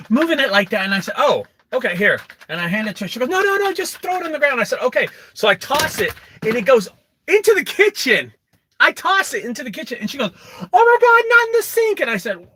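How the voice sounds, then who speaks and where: A young adult man who runs a junk removal business, telling a story to camera in an animated way and acting out quotes. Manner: animated, acts out quotes with rising pitch.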